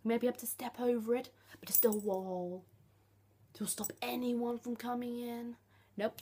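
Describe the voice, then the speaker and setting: A woman's voice: on the high side, little pitch movement, moderate pace, warm tone, slight background noise. A young woman, ranting bluntly and sarcastically in a vlog, swearing freely. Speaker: vlogger.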